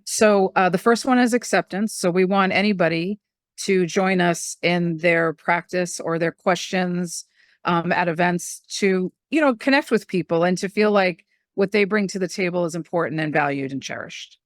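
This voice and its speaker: A middle-aged woman, a medium and spiritual teacher, telling stories in a casual, animated way and acting out the voices she quotes. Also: fairly low pitch, normal speed, no echo, studio quality. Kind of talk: casual storytelling conversation.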